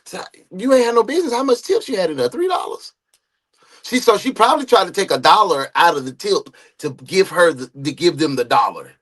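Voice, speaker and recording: A man hosts a live true crime reaction stream from a home setup, reading chat aloud and tossing in loud, animated asides. His voice sits high and swings widely in pitch. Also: brisk. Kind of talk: casual live stream commentary.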